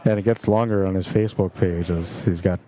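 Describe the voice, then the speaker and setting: A man's voice: sits low, fairly even intonation, a little fast, dark tone. A man hosting a pool tournament livestream, chatting casually and directly to his viewers in a self-deprecating way. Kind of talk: casual chat and livestream commentary. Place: pool hall during a tournament.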